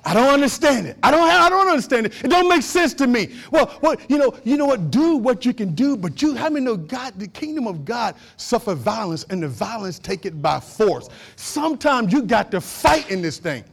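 A man preaching a sermon as a pastor, swinging between loud exhortation and soft, low asides, repeating short phrases for emphasis. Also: big pitch swings, moderate pace, vocal fry, hardly any pauses.

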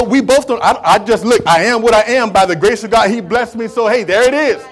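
A man delivering a sermon in an unusually high voice for a man. He talks to the congregation conversationally, with streetwise turns of phrase. He stacks repeated words and phrases for emphasis. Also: brisk. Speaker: preacher.

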